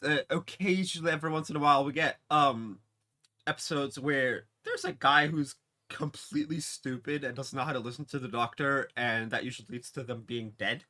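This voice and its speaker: A man's voice: mid-range voice, brisk, sharp tone. A man casually recapping a TV episode, rambling with many fillers and restarts. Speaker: TV episode reviewer.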